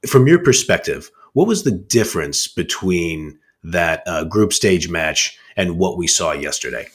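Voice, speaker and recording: A man's voice: sits low, animated, measured pace, husky. A man co-hosting a sports podcast, upbeat and hyping his guest. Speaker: podcast co-host. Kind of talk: podcast interview.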